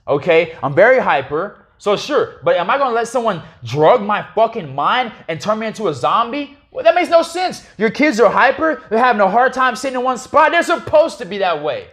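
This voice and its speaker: A man with a high voice sits in on a casual podcast as a guest. He tells his story with animation and plenty of profanity. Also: very animated, a little fast, few pauses, fairly bright tone.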